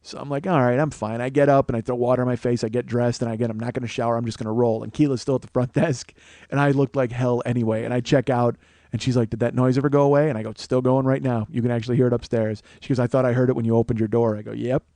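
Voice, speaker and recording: A man's voice: medium pitch, very fast, no echo. Man, comedy podcast host, cursing storyteller, laughs at his own lines, dry close studio mic. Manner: profane, animated storyteller who laughs at his own jokes. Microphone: studio microphone.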